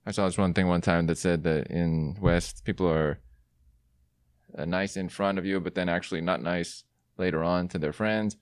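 A man's voice: deep voice, fairly even intonation, normal speed, clear, resonant tone, no room sound. A man hosting a podcast interview, playful and teasing in casual chat. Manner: playful, teasing, loose asides. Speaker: podcast host.

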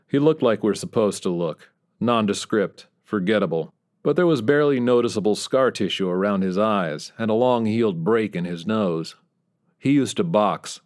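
A man narrating a first-person story in a wry, dry voice with dark humor. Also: lowish voice, normal speed. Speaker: audiobook narrator.

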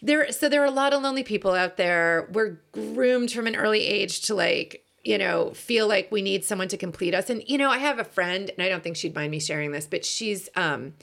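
A woman's voice: medium pitch, lively intonation, brisk, vocal fry, few pauses, fairly bright tone. A woman co-hosting a casual podcast chat, frank and blunt, with lots of "like" fillers. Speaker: podcast co-host.

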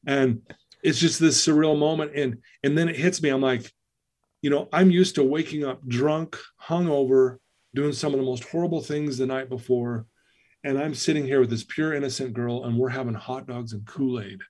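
A man's voice: mid-range voice, fairly even intonation, normal speed, darkish tone. A middle-aged man, a personal-development coach, tells his life story as a podcast guest, acting out the dialogue.

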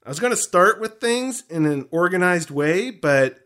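A man co-hosting a casual movie breakdown podcast, animated and playfully swearing. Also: high-pitched, moderate pace. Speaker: podcast co-host.

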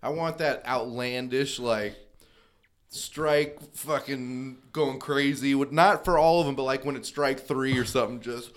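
A man's voice: medium pitch, unhurried. A man co-hosting a comedy sports podcast, chatting casually in a bar and rattling off opinions and playoff teams. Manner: rattles off opinions and team lists. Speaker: podcast co-host.

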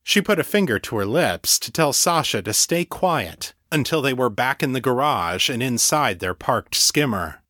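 A man reads a serial audiobook in a steady, measured style, at a middle pitch. The sound is dry and close, with no room at all. His pacing is even and unhurried. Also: no room sound. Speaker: audiobook narrator. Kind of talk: scripted narration.

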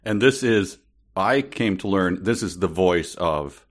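A man's voice: deep voice, animated, measured pace. A man co-hosting a casual book podcast, chatty and amused as he tells stories. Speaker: podcast co-host.

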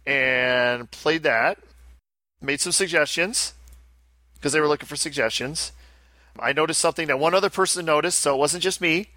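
A man chatting casually as a podcast co-host, his voice bright and forward. He rambles, breaks off and restarts sentences as he talks. The sound is close and dry. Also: on the high side, moderate pace, no room sound. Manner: rambling, self-interrupting, chatty. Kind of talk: casual chat.

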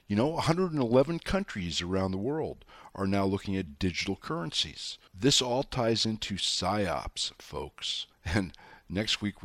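A man's voice: fairly low pitch, a bit bright, no echo. A middle-aged man hosting a talk show, delivering an emphatic monologue with sarcastic asides and spelled-out words. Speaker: show host.

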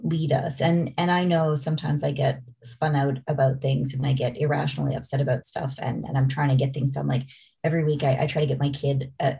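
A middle-aged woman chatting casually, telling animated stories and acting out what people said. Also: deep voice, brisk, vocal fry. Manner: animated storyteller, acts out voices. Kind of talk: casual chat.

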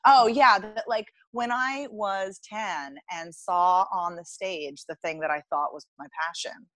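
A woman's voice: mid-range voice, unhurried, a bit bright, no echo, rough recording. American woman, interview guest, chatty, explanatory, fillers, dry sound. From United States. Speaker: dialect coach guest. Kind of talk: conversational podcast interview.

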